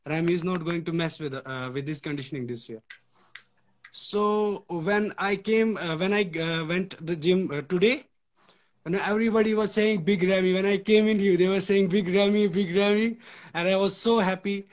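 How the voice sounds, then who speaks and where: A man from Kashmir with an Indian accent, calling in to a live stream. He is polite and eager, hesitating often with fillers and restarts as he speaks. His voice is a little high for a man. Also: moderate pace. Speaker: caller.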